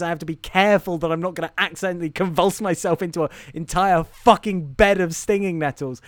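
A man's voice: on the high side, no room sound. A young man co-hosting a casual film podcast, swearing and mocking himself as he rambles through stories with lots of fillers. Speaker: podcast co-host.

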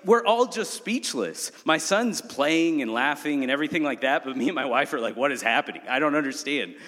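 A young man telling a humorous, animated story in a sermon. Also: medium pitch. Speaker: preacher. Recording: long hall reverb.

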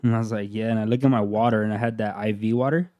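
A man's voice: on the low side, fairly even intonation, racing, mellow, no room sound, clean studio sound. A man telling a funny story in casual chat, laid-back and swearing, laughing between lines.

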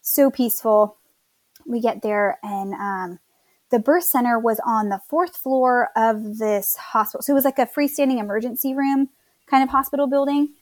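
A chatty young woman tells a long story in a relaxed, rambling way, slipping into other people's voices as she quotes them. Her voice sits a little high, and the sound is dry and close with no room around it. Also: normal speed, dry recording. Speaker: guest telling her birth story. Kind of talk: casual storytelling.

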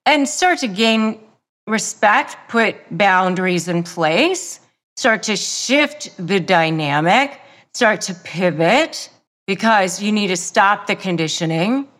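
A woman hosting a self-help podcast, talking straight to the listener in a deliberate way and repeating key phrases for emphasis. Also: medium pitch, lively intonation, a bit bright. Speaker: podcast host. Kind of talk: self-help advice monologue.

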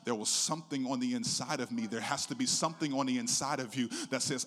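Speaking fast and barely pausing, a middle-aged male preacher shares his own story in a medium-pitched voice. His sermon follows a sing-song rhythm that rises from soft to loud.

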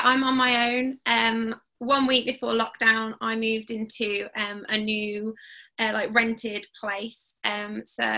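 A woman youth pastor chatting on a podcast, a little hesitant and quick to laugh. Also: a little high, vocal fry, sharp tone. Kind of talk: casual podcast chat.

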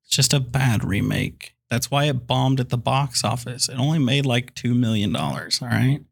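A man co-hosting a comedy movie podcast, his voice set at an ordinary middle pitch. He rants loudly in playful bits, jumping into mock quoted voices as he riffs. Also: expressive, normal speed, vocal fry, husky. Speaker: podcast co-host. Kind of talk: comedic movie review banter.

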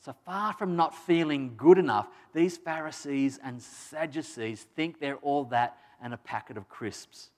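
A man delivering a sermon in a chatty, emphatic manner, pitched in a middling range. He restarts phrases and drops in casual asides as he explains. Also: a little slow, hardly any pauses, darkish tone. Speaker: preacher.

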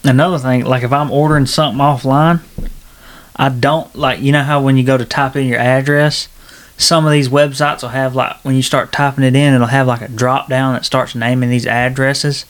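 A man's voice: mid-range voice, level tone, normal speed. A young man, rambling and laughing through casual podcast talk. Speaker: podcast co-host, son. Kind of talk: casual chat.

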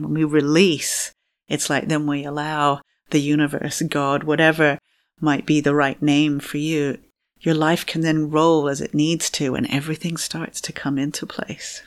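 A middle-aged woman who works as a fertility coach tells her story candidly in an interview, animated and giggly, acting out her own past thoughts. Her voice is deep and her pace measured.

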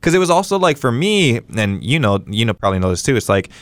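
A young man from Hawaii telling a story casually as a podcast guest, animated and full of fillers and quoted dialogue. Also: medium pitch, no echo. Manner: fast, animated, lots of fillers and acted-out quotes. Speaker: guest streamer.

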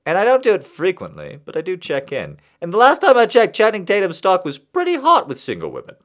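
A man's voice: sits high, huge pitch swings, brisk, a bit bright. A man hosting a podcast, delivering a rambling, confessional, self-mocking comic monologue.

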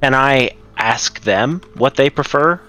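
A man's voice: medium pitch, takes it slowly, sharp tone, soft background music. A man playing a tabletop game, casual, thinking aloud. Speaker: player. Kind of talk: tabletop role-play chat.

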